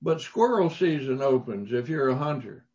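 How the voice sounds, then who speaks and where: A man's voice: mid-range voice, expressive, moderate pace, a little mellow, muffled recording. A man preaching a sermon, telling folksy stories with emphatic rises. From Mississippi, US. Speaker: pastor.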